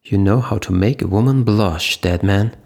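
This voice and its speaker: A man's voice: lowish voice, moderate pace, vocal fry, a little mellow. A male narrator voicing a tough, impatient female army lieutenant who talks bluntly. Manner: snorting, blunt, teasing.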